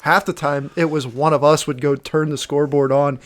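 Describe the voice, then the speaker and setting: A man's voice: fairly high pitch, fairly even intonation, fairly quick. A man in his late twenties, co-hosting a casual podcast chat and rambling through stories in a laid-back way. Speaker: podcast co-host. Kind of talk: casual chat among friends.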